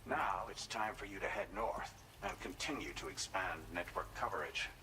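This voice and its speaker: A man voicing a deep commanding director. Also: normal speed, background noise, natural voice. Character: commanding male network director.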